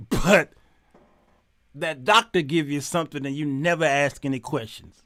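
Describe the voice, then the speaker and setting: A middle-aged man hosting his show, telling stories in a preachy, animated sermon style and quoting God in a stern voice. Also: a little high, unhurried, no echo. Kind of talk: sermon-like storytelling monologue.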